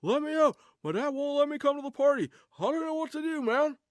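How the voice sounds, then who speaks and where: A man voicing an excitable young dog who wants to join a party, in a squeaky, whiny high voice. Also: fairly quick, no echo. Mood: whiny, excited.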